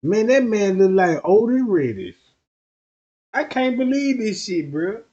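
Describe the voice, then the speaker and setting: A man's voice: high voice, very animated, unhurried, a little mellow, dull audio. A man doing rowdy, profane comedic commentary on a stream.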